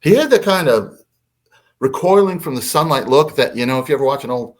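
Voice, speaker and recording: Animated man telling a story. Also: brisk. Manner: lively, acts out quotes with big pitch swings. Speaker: podcast guest.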